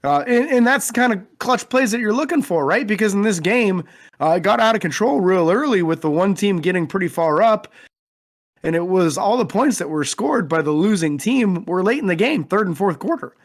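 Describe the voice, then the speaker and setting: Man, podcast co-host, steady analytical read on players, a bit high-pitched. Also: brisk. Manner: methodical player breakdowns. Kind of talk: casual sports podcast chat.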